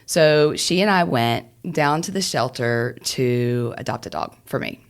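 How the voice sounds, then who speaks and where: A woman lawyer co-hosting a podcast, telling an animated story with laughs and restarts. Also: rumbling low, unhurried, gravelly. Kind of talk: casual storytelling chat.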